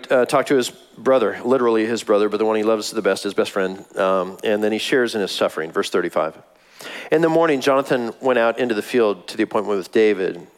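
A man's voice: medium pitch, poor audio. A man preaching a sermon in a casual, conversational way, with touches of humor. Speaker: pastor.

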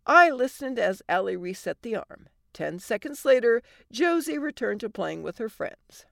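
Wry woman with a gravelly voice narrating stories. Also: a little high, big pitch swings, moderate pace, few pauses, a bit bright, dry recording. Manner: wry, dry comic delivery. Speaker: podcast host and story narrator. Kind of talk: storytelling podcast narration.

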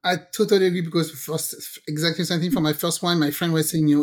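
A woman co-hosting a relaxed podcast, telling stories with plenty of animation. Her voice leaps up whenever she imitates what someone said. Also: fairly quick. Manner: animated storyteller, jumps high when quoting people. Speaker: podcast co-host. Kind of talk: casual chat.

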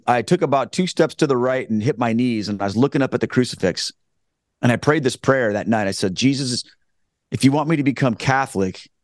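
A man's voice: medium pitch, dry recording, clean studio sound. A man, earnestly telling his conversion story as a guest, rambling with frequent restarts. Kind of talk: casual spoken testimony.

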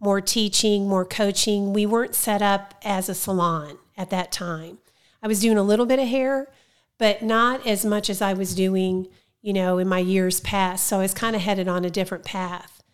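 A middle-aged woman, speaking calmly and reflectively in a casual chat. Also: medium pitch, smooth. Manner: calm, measured, reflective. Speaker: salon owner, guest.

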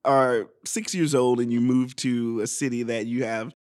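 A young man from Georgia chats as a podcast guest, telling his story in a loose, rambling way. He pokes fun at himself as he goes. His pitch sits in an ordinary middle range. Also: steady tone, unhurried, darkish tone. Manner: rambling, self-deprecating storyteller. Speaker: guest improviser. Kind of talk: casual podcast chat.

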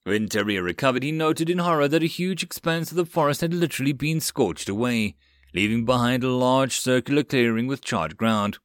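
A man narrating a web novel as an audiobook, with a steady, even reading. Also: mid-range voice, fairly quick, no echo, studio quality.

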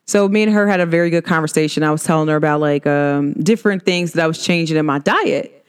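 A woman's voice: low-pitched, fast, clear, resonant tone. A woman in her thirties hosting her own vlog, chatting casually, playful and laughing often. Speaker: vlog host.

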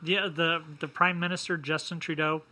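A man's voice: on the high side, level tone, normal speed, pushed and bright. A man co-hosting a casual podcast, giggling and sharing bits of trivia. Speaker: co-host.

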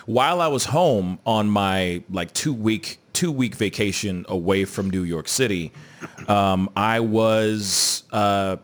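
Man, young adult, from st. louis, joking live-stream host, lowish voice. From St. Louis, Midwest US. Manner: jokey, laughing, reads viewer comments aloud. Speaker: show host. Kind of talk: casual live-stream chat.

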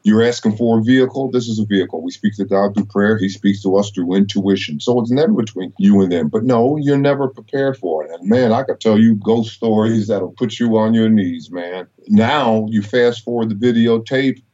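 A middle-aged male professor speaks in a low, emphatic, preacherly way, weaving in biblical references. The recording is dull and lo-fi. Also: normal speed, hardly any pauses, mellow. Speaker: college professor. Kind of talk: inspirational storytelling interview.

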